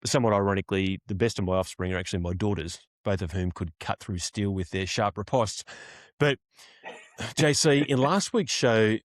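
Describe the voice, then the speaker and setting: An Australian man in his forties co-hosting a sports podcast, with a fairly low voice and a mock-solemn, self-deprecating way of talking. He calls his co-host "mate" again and again. The recording is dry and close, with little room sound. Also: moderate pace, no echo. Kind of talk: casual sports podcast chat.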